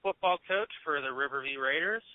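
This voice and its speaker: Podcast co-host, male, thirties, casual and self-deprecating, slightly high voice, dry tinny phone-quality sound. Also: a little fast, no echo. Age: 30s. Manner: laid-back, self-deprecating storytelling. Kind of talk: casual chat.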